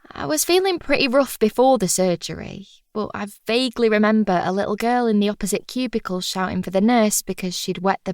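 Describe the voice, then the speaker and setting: A woman's voice: mid-range voice, dry recording, studio quality. A woman reading a first-person audiobook in a wry, chatty, confiding manner. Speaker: audiobook narrator.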